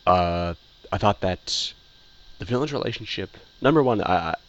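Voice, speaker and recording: A man's voice: low voice, animated, moderate pace, fairly bright tone, highs cut off. A man casually giving a rambling opinion review, full of fillers, restarts and repeated phrases. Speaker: video reviewer.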